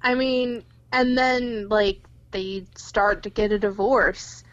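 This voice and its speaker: A young woman co-hosting a casual podcast about a film, animated and swearing freely. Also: medium pitch, slow, dry recording, highs cut off. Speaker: podcast co-host.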